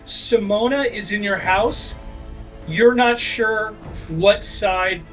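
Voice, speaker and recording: A man as game master, narrating a tabletop role-playing fight with energetic delivery and shouted sound effects. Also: high-pitched, slow, faint music behind.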